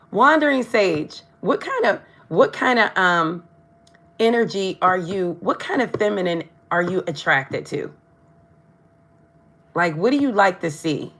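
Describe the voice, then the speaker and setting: A tarot reader does a live reading and chats straight to her viewers, often tripping over her words. Her voice is medium in pitch and slightly bright.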